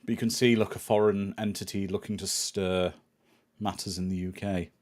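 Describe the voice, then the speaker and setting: A man's voice: low-pitched, little pitch movement, moderate pace, a little mellow. A man co-hosting a film watch party, giving dry, explanatory commentary with asides about the film.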